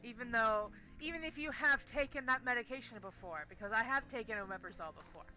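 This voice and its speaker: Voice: medium pitch, quick pace, sharp tone, faint music behind, low-quality recording. A young adult game streamer telling a story casually while playing, swearing constantly in an exasperated rant.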